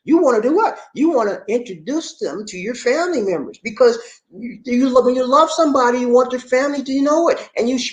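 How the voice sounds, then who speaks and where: A man's voice: very high voice, quick pace, reverberant, dull audio. Guy host rambling relationship tips, bouncy up and down delivery, keeps saying man. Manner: animated, repetitive, talks straight to the viewer. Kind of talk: casual advice monologue.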